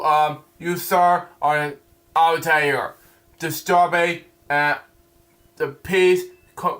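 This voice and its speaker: A man reviewing a comic book, reading it aloud haltingly, stumbling over words and adding his own asides. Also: a little high, bright, forceful tone.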